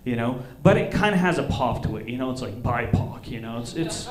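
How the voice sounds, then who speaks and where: A man's voice: medium pitch, expressive, a little fast, crowd noise. A man doing stand-up on a comedy club stage, loose and rambling, swearing often. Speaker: comedian and show host. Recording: roomy club sound, live stage mic.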